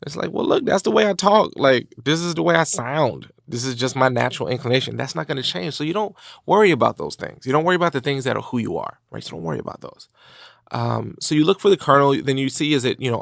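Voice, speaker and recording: A man hosting a motivational podcast, talking in an energetic, casual way with slang. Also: medium pitch, vocal fry, no echo, studio quality. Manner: energetic, animated, conversational with slang. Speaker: podcast host.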